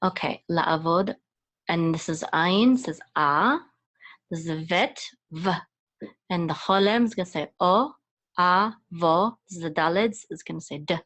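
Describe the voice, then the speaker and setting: A Hebrew and Torah chanting teacher with a fairly low, slightly bright voice gives a slow, step-by-step reading lesson. She's patient but hesitant, using many fillers and restarts as she spells out sounds and syllables one by one.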